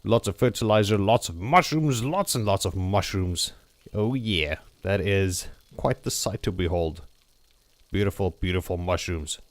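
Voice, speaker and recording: Lowish-voiced guy chatting thru his game, jokey, keeps saying okay, dry close mic. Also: a little slow, no echo. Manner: chatty, jokey, explains step by step with frequent "okay?". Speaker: gameplay channel host. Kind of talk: casual gameplay commentary.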